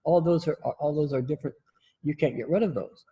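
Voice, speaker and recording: A man's voice: fairly high pitch, brisk, warm tone, slightly rough, muffled recording. A man teaching a class in a casual spoken style, often repeating and restarting his words, with blunt, salty humor. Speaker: instructor.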